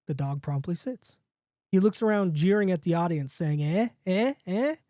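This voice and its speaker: Brief: podcast host, man, reads a comic horror story in a mellow, relaxed voice with a dry sound. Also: fairly high pitch, normal speed, no room sound. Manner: casual, jokey, with restarts and asides.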